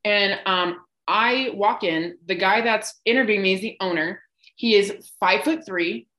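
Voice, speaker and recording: A woman's voice: medium pitch, moderate pace, fairly bright tone. A young woman from Colorado telling a profane, laugh-filled story as a podcast guest. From Colorado, United States.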